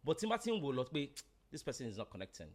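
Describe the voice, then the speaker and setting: Nigerian male co-host, animated swooping voice, insistent, repeats his point. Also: mid-range voice, racing. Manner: insistent, repeats himself emphatically. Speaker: podcast co-host. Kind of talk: heated casual chat.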